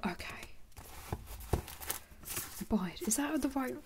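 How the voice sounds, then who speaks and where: A woman chatting in a soft, rambling way for ASMR, moving between quiet speech and whispers and making jokes. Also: high voice, expressive, slow pace, noisy background. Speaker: ASMR creator.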